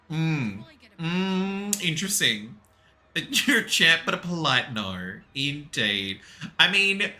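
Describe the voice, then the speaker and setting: A man's voice: mid-range voice, sharp tone. A man streaming a game, chatting casually with his viewers, laughing often and answering chat.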